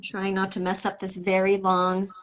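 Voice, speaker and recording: Joining a livestream over a video call, a Canadian woman who voice acts signs autographs and chats casually, drifting a bit and using fillers. Her medium-pitched voice is monotone at a normal speed, and the recording is rough.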